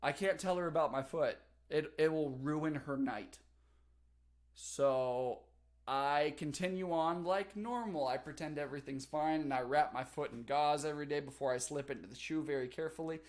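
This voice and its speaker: A young man on a casual livestream, telling a story with animated delivery, big pitch jumps and laughter. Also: moderate pace. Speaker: streamer.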